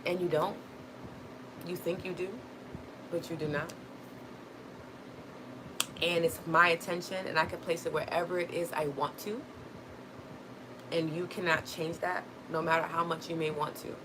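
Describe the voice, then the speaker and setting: A woman's voice: sits low, flat delivery, normal speed, long pauses, background noise. A woman hosting a livestream, talking earnestly and reassuringly to her viewers, often checking in with "right?". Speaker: host. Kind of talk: livestream motivational talk.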